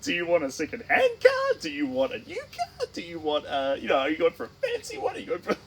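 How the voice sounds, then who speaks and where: A man's voice: sits high, wildly swooping pitch, quick pace, vocal fry, breathy edge, pitched above the performer's own voice, heavily acted. A man putting on the voice of a flustered car dealer who stammers through his questions.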